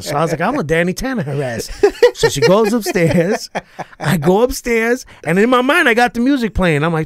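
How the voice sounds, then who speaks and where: A middle-aged man, a comedian guest, telling stories in a profane, animated, punchy way. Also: high voice, quick pace, no echo, clean studio sound. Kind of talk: casual storytelling chat.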